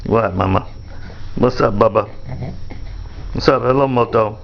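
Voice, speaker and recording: A man talking playfully to an infant while filming, coaxing him and jumping into high baby-talk pitch. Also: a little slow, gravelly, pauses often, lo-fi sound, a little hiss or hum.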